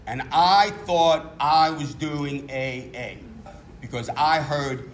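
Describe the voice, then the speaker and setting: A middle-aged New Yorker speaks at a meeting, giving candid, self-mocking recovery testimony. He talks slowly in a fairly high-pitched voice, with slight background noise.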